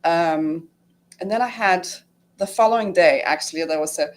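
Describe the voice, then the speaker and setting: This middle-aged woman, a guest describing her retreat experience, has a fairly low voice and talks at normal speed. She tells a personal story casually and emotionally, packing it with fillers and acting out her own inner thoughts.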